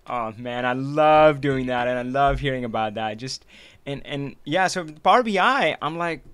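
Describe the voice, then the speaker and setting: A man hosting a live stream, chatting casually with an animated manner, laughing often and restarting his sentences. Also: medium pitch, normal speed, vocal fry. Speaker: livestream host.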